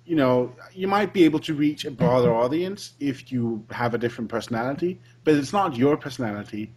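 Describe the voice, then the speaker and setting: A man's voice: medium pitch, animated, a little fast, a little mellow, husky. A man hosting a casual podcast chat, agreeable, often chiming in with short replies.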